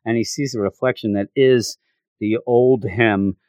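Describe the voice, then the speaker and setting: A man's voice: fairly low pitch, unhurried, dry recording. A man giving a casual, rambling recap of a comic book as a reviewer. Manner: rambling, animated.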